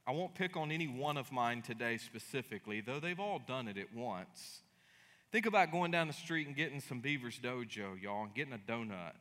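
A middle-aged man, preaching a sermon as pastor. He acts out dialogue in lively voices and breaks into sudden loud bursts. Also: fairly high pitch. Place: church sanctuary. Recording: long hall reverb.

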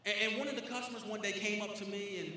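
A male pastor preaching with a high, bright voice that carries through a large reverberant sanctuary. He shifts from hushed storytelling to shouted calls for a response. The sound rings with a long echo. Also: steady tone, quick pace, slight background noise. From Florida, USA. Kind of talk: sermon. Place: church sanctuary. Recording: echoey hall with long reverb.

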